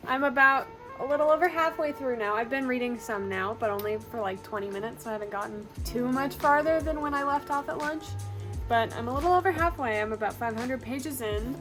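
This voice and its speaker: Woman, higher voice, casual vlog chat, gushing, filler words, background music. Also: a little fast. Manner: chatty, gushing, filler-heavy. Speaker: book vlogger. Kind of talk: casual reading vlog update.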